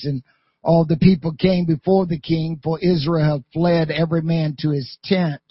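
Man, scripture reading, slow, husky, dry dull recording. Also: a little high, fairly even intonation, dry recording. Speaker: scripture reader.

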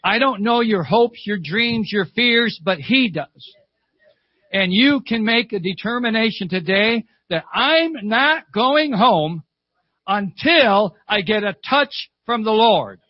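A man's voice: sits high, expressive, takes it slowly, no echo, dull audio. Fervent older man preaching a sermon. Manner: fervent storytelling preacher, repeats phrases, calls "Amen". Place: church service.

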